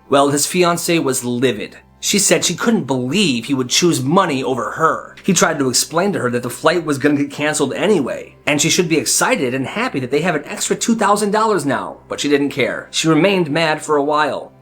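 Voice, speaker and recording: A man's voice: a little high, expressive, brisk, hardly any pauses, fairly bright tone, slightly rough, soft background music. Young man telling a story conversationally. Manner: conversational, asks the audience. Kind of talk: storytime narration.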